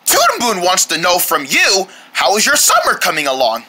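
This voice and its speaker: A woman's voice: fairly low pitch, wildly swooping pitch, normal speed, hardly any pauses, background noise. A woman narrating playful homemade mock commercials, jumping between silly voices. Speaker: host of homemade parody commercials.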